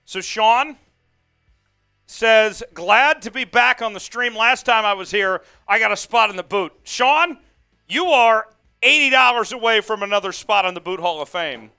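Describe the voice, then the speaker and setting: A man's voice: high-pitched, lively intonation, measured pace, bright, forceful tone, clear, resonant tone, faint music behind. A man hosting a live sports watch-along stream, fired up, calling the plays and reading out viewer comments. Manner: amped, hyped, calls plays and reads chat. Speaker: host.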